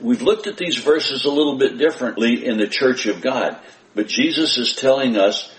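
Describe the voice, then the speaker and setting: A man's voice: mid-range voice, moderate pace. Earnest male pastor preaching in a roomy hall. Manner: earnest, emphatic preaching with repeated phrases. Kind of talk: sermon. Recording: roomy church sound.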